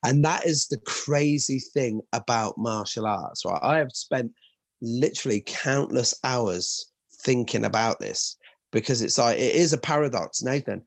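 A man's voice: medium pitch, measured pace, no room sound. A man who teaches martial arts, telling stories in casual chat and acting out the voices of kids and parents. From Ireland. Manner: animated storyteller, acts out dialogue.

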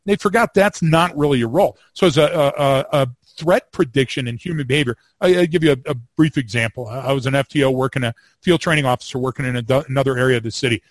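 A man co-hosting a podcast, a former police field training officer telling a story with wry humor and lively delivery. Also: medium pitch, quick pace, hardly any pauses, no room sound. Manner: animated storyteller, wry humor, repeats words when starting. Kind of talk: casual storytelling chat.

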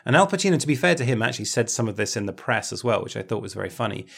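A man's voice: mid-range voice, animated, racing, gravelly, breathy edge. A man co-hosting a podcast in casual chat, talking with many ums and restarts. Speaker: podcast co-host.

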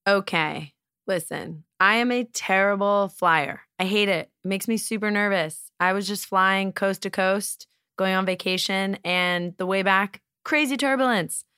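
Casual woman host, playful and quick with jokes, smooth voice, dry close mic. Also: mid-range voice, sharp tone, no echo. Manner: playful, jokey, laughs often. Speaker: podcast host. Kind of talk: casual chat and host-read ad.

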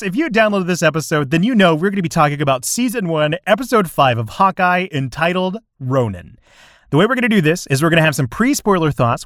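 A man hosting a podcast in casual chat, upbeat and quick to laugh, explaining the show's format plainly. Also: a little high, fairly bright tone, dry recording, studio quality. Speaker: podcast host.

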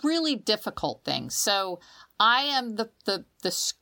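Bright-voiced woman telling stories animatedly. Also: medium pitch, measured pace. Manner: emotional, animated storytelling with dramatic quoted voices; restarts and repeats words often. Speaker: podcast co-host. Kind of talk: casual chat.

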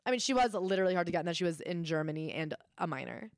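A woman co-hosting a casual podcast, retelling a memoir in a quick, chatty way with casual swearing. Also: on the low side, animated, dry recording, clean studio sound. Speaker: podcast co-host.

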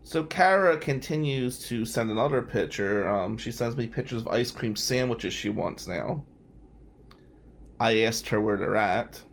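A man's voice: mid-range voice, gravelly, slight background noise. A man from New Jersey spins a casual story as a podcast host. He talks wryly and drops in the odd curse, with an everyday mid-range voice. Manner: wry, profane, animated anecdotes. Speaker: podcast host and defense lawyer.

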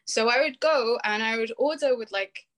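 A woman's voice: on the high side, normal speed, a bit bright. A young woman with a British accent, a guest on a casual podcast. She tells stories in a chatty way and laughs often. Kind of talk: casual interview chat.

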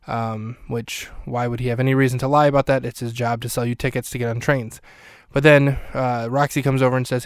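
Smooth-voiced man hosting a chatty recap. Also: medium pitch, flat delivery, fairly quick, no room sound, studio quality. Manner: chatty, wry, lots of fillers and restarts. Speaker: podcast host. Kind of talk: casual solo recap commentary.

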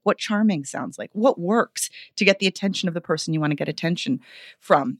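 A woman vocal coach being interviewed on a podcast, talking in an animated, expressive way. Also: no room sound, clean studio sound. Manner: animated, expressive, wide pitch swings.

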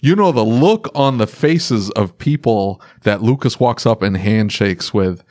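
A man's voice: on the low side, a little slow, no room sound. A man hosting a podcast in casual chat, joking and telling stories with laughs in his voice. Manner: joking, lively storytelling, laughs while talking. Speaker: podcast host.

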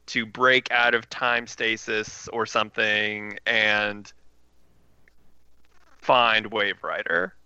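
A man's voice: medium pitch, sharp tone, clean tone, no room sound, muffled recording. A man co-hosting a casual podcast, laughing often and sounding incredulous at a ridiculous comic. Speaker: podcast co-host.

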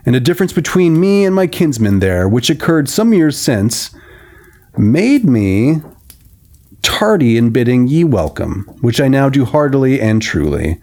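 A man's voice: medium pitch, big pitch swings, measured pace, a little mellow. A man reading as a hearty forest yeoman. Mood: earnest. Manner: hearty, old-fashioned speech.

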